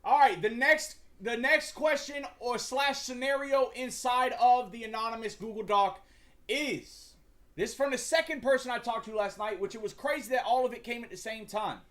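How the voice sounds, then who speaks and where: A man's voice: very high voice, normal speed, fairly bright tone. A young man hosting a livestream, chatting casually in a slangy, profane, rambling way with frequent stumbles. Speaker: livestream host.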